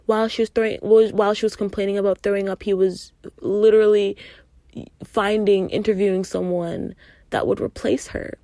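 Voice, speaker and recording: A woman's voice: medium pitch, flat delivery, normal speed, dark tone, no room sound, studio quality. A young adult woman hosting a podcast, telling a story in a casual, emphatic way, swearing freely and acting out what people said. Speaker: podcast host.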